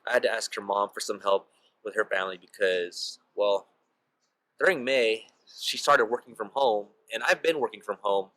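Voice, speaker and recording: At a moderate pace, a young man tells a personal story vlog-style, casual and chatty, with "like" and "you know" everywhere. His voice is lowish with a fairly bright tone, captured in a low-quality recording.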